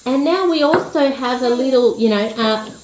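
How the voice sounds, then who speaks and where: A woman slowly naming toy animals for children at home, coaxing them to make animal sounds. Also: sits high, a crowd in the background. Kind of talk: slow explanatory narration for kids. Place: home room. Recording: echoey room with music behind.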